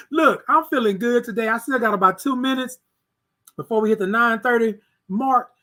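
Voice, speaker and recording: A man hosting a casual morning livestream, greeting viewers by name with repeated affirmations and lively swings between loud and soft. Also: extremely high pitch, moderate pace. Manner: warm, repetitive affirmations, shouts out viewers by name. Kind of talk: casual live-stream chat with viewers.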